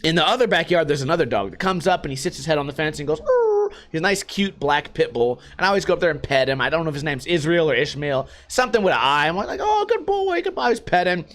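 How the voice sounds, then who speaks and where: A man telling stories about his week in a casual, profane vlog monologue, animated and swearing often. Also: fairly high pitch, rapid-fire, few pauses. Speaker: vlogger.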